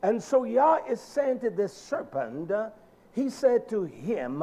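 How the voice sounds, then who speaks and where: Animated high-voiced male preacher. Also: slow pace. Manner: dramatic, swings from shouts to low murmurs, colloquial. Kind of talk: sermon.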